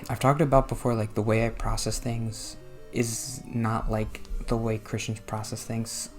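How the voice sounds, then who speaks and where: A man's voice: fairly low pitch, level tone, a little slow. Guy from new jersey rambling over his game, self-deprecating, groans and laughs at it, faint game music behind. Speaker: gaming vlogger. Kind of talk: casual commentary while playing a video game.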